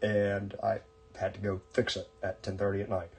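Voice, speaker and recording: A man's voice: on the low side, completely flat delivery, normal speed, darkish tone, faint music behind. A man hosting a podcast and telling a long story in casual chat, rambling with many fillers and restarts. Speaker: podcast host.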